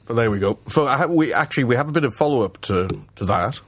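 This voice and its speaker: A man's voice: medium pitch, lively intonation, fast, slight background noise. A man co-hosting a podcast in casual chat, joking, laughing and sometimes swearing. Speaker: podcast co-host.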